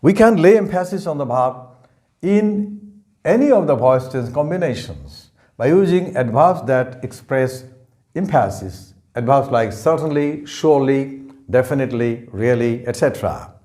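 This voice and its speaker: A man teaching grammar in a measured, careful way. His pitch rises and falls in a lively way as he stresses words and repeats each example sentence slowly. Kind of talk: slow explanatory lesson.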